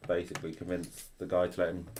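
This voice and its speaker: Deep-voiced man with dry teasing. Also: completely flat delivery, fast, background noise. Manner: dry teasing, short replies. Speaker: co-host of a Lego build livestream. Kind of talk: casual chat while building.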